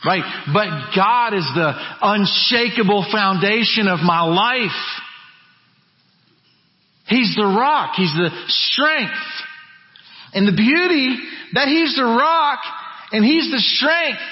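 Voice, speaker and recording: A man preaching a sermon as pastor, emphatic, dropping to low quiet phrases and building back up. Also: animated, slow pace, long pauses. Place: church sanctuary. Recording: muffled church recording with long reverb.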